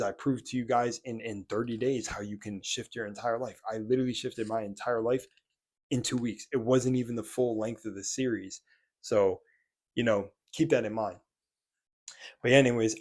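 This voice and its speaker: Talking candidly in a casual vlog from a room in his apartment, a young spiritual vlogger speaks with a slight lisp in a fairly low, somewhat mellow voice. He's earnest, swears a bit, and restarts his sentences often.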